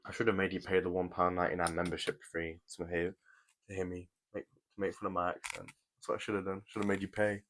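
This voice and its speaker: A man's voice: deep voice, little pitch movement, quick pace, a bit bright, a little hiss or hum. A young British man casually chatting to viewers on a live stream while he builds a Lego set, in a rambling, chatty way. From Britain. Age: young adult.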